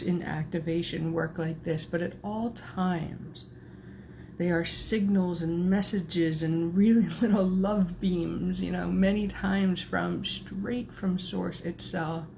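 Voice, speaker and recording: Slow, mellow-voiced woman energy healer. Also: fairly low pitch, a little hiss or hum. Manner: soft, meandering, spiritual phrasing. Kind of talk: guided channeling session.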